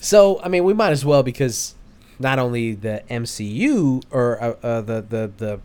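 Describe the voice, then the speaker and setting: A man's voice: medium pitch, expressive, normal speed, darkish tone, smooth. A young man hosting a casual podcast chat, rambling with hesitant restarts and frequent laughs. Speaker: podcast host.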